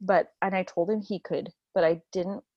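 A woman in her thirties telling the story of giving birth in a casual chat, animated and emotional, laughing often and near tears. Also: moderate pace, no room sound, dull audio. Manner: animated, laughs often, acts out quotes in a high voice.

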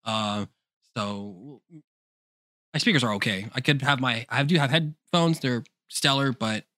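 A man co-hosting a podcast in casual chat, animated, laughing often and swearing freely. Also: medium pitch, a little slow, dry recording, clean studio sound. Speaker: podcast co-host.

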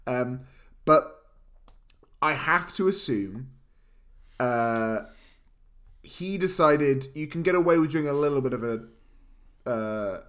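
A man's voice: medium pitch, lively intonation, slow, pauses often, a bit bright. A man co-hosting a casual film review podcast, recapping the plot in a playful, mock-dramatic way. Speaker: podcast co-host.

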